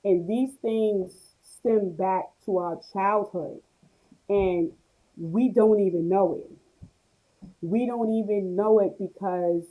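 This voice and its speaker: A woman's voice: mid-range voice, mellow, low-quality recording. A woman, hosting a live stream where she reads viewer comments aloud and answers them with laughter. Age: 40s. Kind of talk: casual live stream talk.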